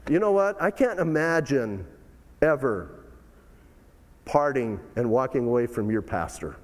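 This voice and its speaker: A man preaching a sermon as pastor, animated, full of rhetorical questions and big swings in tone. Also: medium pitch, unhurried, big-room sound.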